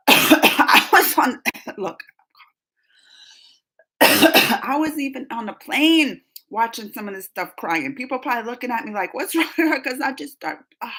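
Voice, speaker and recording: A woman's voice: a little high, expressive, measured pace, pauses often, bright, forceful tone, poor audio. A woman hosting a live stream, chatting casually and emotionally while reading viewer comments, laughing often.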